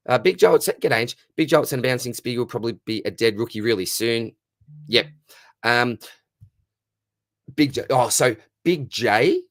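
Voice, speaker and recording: A man's voice: lowish voice, no room sound, studio quality. A man with an Australian accent hosting a casual live stream Q&A, reading out chat questions and answering them in a friendly, matey way.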